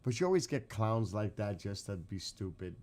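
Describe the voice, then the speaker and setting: A man's voice: on the low side, very animated, moderate pace, a little mellow. A man with a New York accent chatting casually with his live-stream viewers late at night, quizzing the chat and laughing often.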